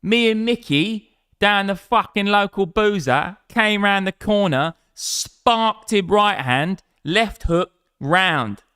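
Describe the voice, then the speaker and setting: Field: Figure: rowdy Cockney pub brawler a man putting it on. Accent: Cockney. Pitch: raised, loud. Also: expressive, slow pace, smooth, no room sound, clean studio sound, exaggerated voice. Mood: boastful. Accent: Cockney, put on. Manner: swaggering, crude boasting.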